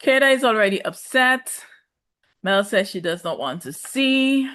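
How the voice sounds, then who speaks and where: A young woman offers sassy, emphatic commentary on a reality show, repeating words for effect and drawing them out. Her voice is fairly high, expressive and a bit bright, and the talk is casual and opinionated.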